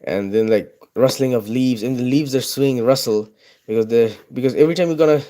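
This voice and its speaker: A man's voice: medium pitch, a little fast, mellow. A man talking casually while drawing, rambling from tangent to tangent with plenty of swearing and chuckles. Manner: profane, tangent-hopping, chuckling often. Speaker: artist drawing on video.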